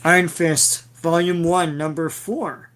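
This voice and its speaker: A man's voice: on the high side, steady tone, a little slow, a bit bright. A man co-hosting a comic book podcast, reading out issue credits and chatting casually. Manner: reads credits in a list, backchannels with short agreement. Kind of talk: casual chat.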